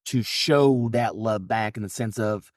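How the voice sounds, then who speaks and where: A man's voice: lowish voice, a little slow, no echo, clean studio sound. Rambling upbeat man chatting. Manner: rambling, upbeat, lots of fillers. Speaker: podcast co-host. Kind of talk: casual chat.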